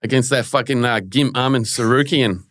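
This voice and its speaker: A man hosts a podcast with blokey, swearing banter. He talks fast. His voice sounds dry and close to the mic. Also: mid-range voice, fairly even intonation, fairly bright tone, no echo. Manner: blokey, crude banter with quick laughs. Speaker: podcast host. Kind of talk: casual podcast interview.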